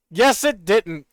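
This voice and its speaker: A man streaming a video game, chattering and joking excitably as he plays. His voice sits high and sounds smooth and clear. The sound is dry and close. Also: no room sound. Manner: excitable, joking, laughs often. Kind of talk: casual gameplay commentary.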